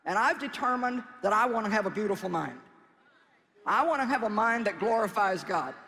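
A man's voice: high voice, expressive, a little fast, bright, forceful tone, in a large hall. A man preaching a sermon in a folksy, conversational way, with emphatic exhortations.

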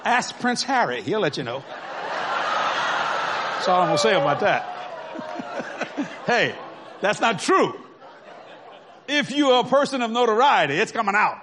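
A man's voice: sits high, sing-song, unhurried, long pauses, a crowd in the background, noisy background. A man preaching a sermon through folksy stories, chuckling often and checking that his listeners follow. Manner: folksy, conversational, asks the audience if they follow. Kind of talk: storytelling sermon.

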